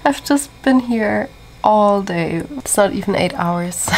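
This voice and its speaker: A woman's voice: mid-range voice, expressive, takes it slowly, rough recording. A young woman vlogging her reading day in a chatty, gushing way, tired and a little sleepy. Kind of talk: casual reading vlog.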